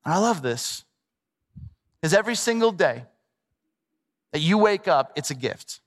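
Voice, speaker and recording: A middle-aged male pastor preaching a sermon in a lively, conversational way with playful asides. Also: fairly high pitch, measured pace. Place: large church hall. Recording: long reverb of a large hall.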